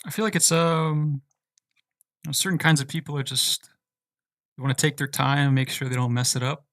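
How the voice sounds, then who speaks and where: A man's voice: fairly high pitch, steady tone, moderate pace, fairly bright tone, no room sound, studio quality. A man from the United States hosting a casual livestream, reading viewer questions aloud and answering them in a loose, laid-back way. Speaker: livestream host answering chat.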